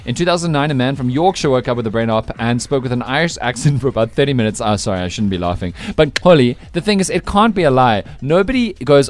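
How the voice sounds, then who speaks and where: A man's voice: mid-range voice, animated, quick pace, few pauses. A man hosting a breakfast radio show, teasing his co-hosts and laughing often. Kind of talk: lively on-air banter.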